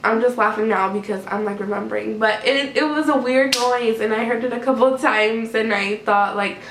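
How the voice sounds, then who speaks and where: A woman's voice: a little high, moderate pace. A young woman telling a casual storytime to her camera, rambling with lots of "like" fillers. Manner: chatty, rambling, many "like" fillers. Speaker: vlogger. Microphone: camera mic. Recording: echoey room, faint background noise.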